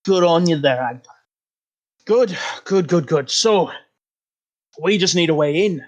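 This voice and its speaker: A man's voice: a little high, lively intonation, a little slow. A man voicing an eager female second in command. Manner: eager agreement, gusto.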